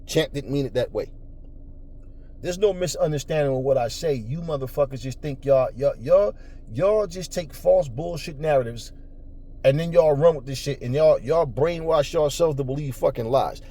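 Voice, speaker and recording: A man's voice: on the high side, moderate pace, warm tone. A middle-aged man hosting a boxing talk show, ranting profanely and confrontationally at his audience and mocking their voices. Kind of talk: ranting commentary.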